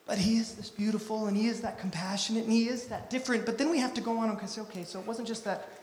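A man from Utah preaching a sermon, swinging between hushed, intimate lines and loud, emphatic ones. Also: sits high, fairly even intonation, fast talker. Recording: echoey hall.

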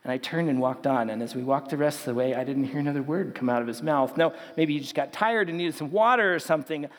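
Youth preacher, male, high tenor voice, chatty storyteller, hall echo behind him. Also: fast talker. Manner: conversational storytelling, acts out quotes. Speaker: youth pastor. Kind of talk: sermon to young people. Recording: long hall reverb.

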